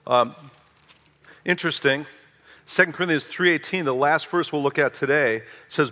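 A man in his sixties preaching a sermon in a church, reading scripture and telling stories with animated emphasis that rises on key phrases. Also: fairly high pitch, moderate pace. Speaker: pastor. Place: church sanctuary. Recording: long echoing church hall reverb.

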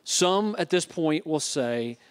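Male pastor, fairly high voice, preaching a sermon that mixes reading with plain retelling. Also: expressive, slow, clear, resonant tone. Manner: retells scripture with asides.

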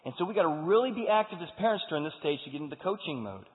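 Man preaching, fairly high voice, lively delivery, echoing hall, tinny phone-like sound. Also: rapid-fire. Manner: animated preaching, acting out quoted voices. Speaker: pastor. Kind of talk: sermon.

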